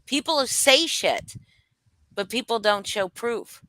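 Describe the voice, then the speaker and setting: A woman's voice: on the high side, expressive, takes it slowly, pushed and bright, no echo. Blunt, swearing young woman host. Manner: blunt, swears freely, rambling restarts. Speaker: livestream co-host. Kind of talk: casual gossip commentary chat.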